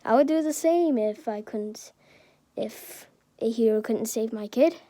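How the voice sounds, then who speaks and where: A flustered grown man of a hero, all stammers and nervous pauses , as a woman puts him on in a fan story. The voice stays high and unhurried, recorded dry and close. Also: dark tone, dry recording, close to an everyday voice. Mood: solemn.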